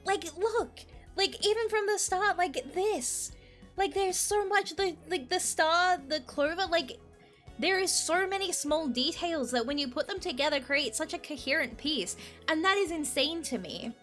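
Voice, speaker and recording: Bright, gushing young woman streamer. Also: extremely high pitch, a little slow, faint music behind. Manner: gushing, rambling, full of "like" fillers. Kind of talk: casual game commentary and reading aloud.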